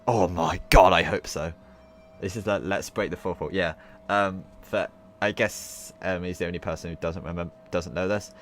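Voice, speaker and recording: A man's voice: sits low, fairly even intonation, normal speed. A young man live-streaming a visual novel, rambling casually with lots of fillers and the odd swear. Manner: rambling, filler-heavy, swears, laughs loudly. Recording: noisy stream audio with hum.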